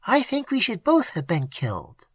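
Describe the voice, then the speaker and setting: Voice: medium pitch, wildly swooping pitch, normal speed, husky, no room sound, voice pushed up. A narrator voicing a frightened, pious middle-aged woman, the wife of a clergyman, in a classic storybook reading.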